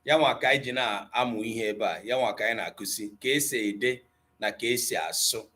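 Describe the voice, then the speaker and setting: Speaking fairly quickly in a medium pitch, this Igbo-accented teacher runs a live online lesson and reads viewers' comments aloud, moving back and forth between Igbo and English. Chuckles and light teasing of students keep the tone playful.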